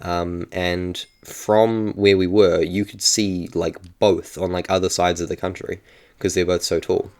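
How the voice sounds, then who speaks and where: A man's voice: low-pitched, level tone, unhurried, darkish tone. A young man with a New Zealand accent chatting casually in a vlog, rambling and often correcting himself. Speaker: YouTuber.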